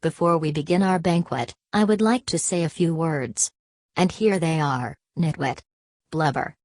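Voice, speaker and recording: Woman playing an elderly wizard headmaster, storybook, low, unhurried, eccentric. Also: a little mellow, no room sound, studio quality. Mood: genial. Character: elderly, whimsical, beaming male headmaster wizard.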